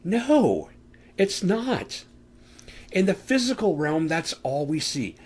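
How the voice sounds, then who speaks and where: Husky man teaching a home Bible lesson. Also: sits high, sing-song, slow pace, darkish tone. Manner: earnest, conversational preaching with rhetorical questions. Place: room at home. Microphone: desk microphone on camera.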